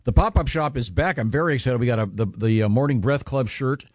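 A man hosting a morning radio show in a studio, chatting casually and pausing often with lots of uh and restarts. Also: medium pitch, no echo. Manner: halting, full of uh and restarts.

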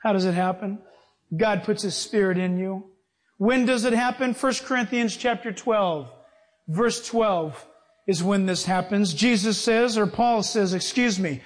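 A man preaching a sermon, reading scripture and telling personal stories in a lively, animated way. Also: high voice, measured pace. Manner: animated, acts out voices in his stories.

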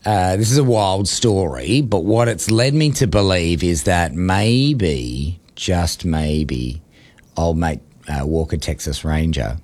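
A man hosting radio, telling a story in a playful, animated way that builds suspense. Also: sits low, slow pace. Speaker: radio host. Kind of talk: casual banter, storytelling.

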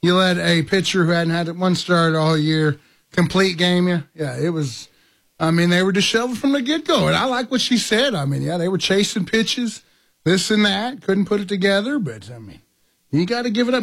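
A man's voice: high-pitched, expressive, moderate pace, fairly bright tone. A man from co-hosting a casual sports talk show, blunt and opinionated, with his sentences often trailing off. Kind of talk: casual sports radio chat.

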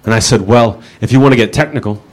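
A man's voice: mid-range voice, quick pace. A man telling dry one-liner jokes at a comedy club, with a plain setup-and-punchline delivery. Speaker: stand-up comedian.

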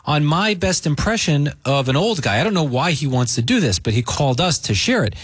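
A male radio host chatting cheerfully with a listener, joking along. His pitch moves around a lot and sits a bit high. The studio sound is dry and close. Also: brisk, breathy edge, dry recording. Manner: upbeat, animated, joking. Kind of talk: morning radio chat.

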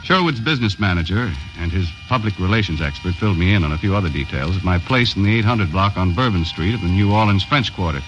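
An actor narrating as a laconic boat captain in an old radio drama, matter-of-fact and dry. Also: male voice, low voice, expressive, fast, few pauses, lo-fi sound, slight background noise.

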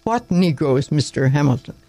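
A man reading the lines of a weary, contemptuous young country doctor who speaks in sharp, clipped phrases. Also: on the high side, moderate pace, no room sound, close to an everyday voice.

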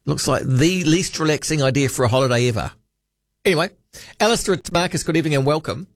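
A man's voice: fairly high pitch, animated, quick pace, dry recording, clean studio sound. A man with a New Zealand accent hosting late-night talkback radio, chatty and rambling, often correcting himself mid-sentence. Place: radio studio.

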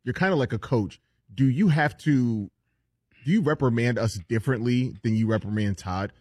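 A man's voice: medium pitch, normal speed, darkish tone, breathy edge, no room sound, studio quality. A man on a radio show crew asking the host questions in an easygoing way. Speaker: show regular. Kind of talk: casual studio banter.

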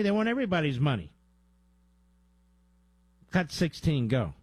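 A man's voice: a little high, animated, moderate pace, long pauses, a little mellow, no room sound. Sarcastic, combative radio host man. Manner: mocking asides to his producer. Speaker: radio talk show host. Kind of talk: talk radio monologue.

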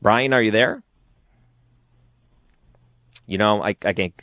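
A man's voice: fairly low pitch, slow, a bit bright, dry recording, lo-fi sound. A man hosting a late-night call-in radio show, thinking aloud and steering callers along. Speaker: radio talk show host.

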